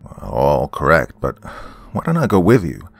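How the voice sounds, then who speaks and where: A man's voice: a bass voice, huge pitch swings, vocal fry, faint music behind, heavily acted. Man doing a creepy drawling stranger. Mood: sly. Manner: slow drawl.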